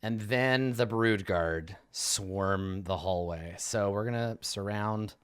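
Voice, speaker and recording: A man narrates a tabletop game as game master, moving quickly between rules and the action. His voice sits on the low side. The sound is dry and close, with no room around it. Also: a bit bright, clean tone, dry recording.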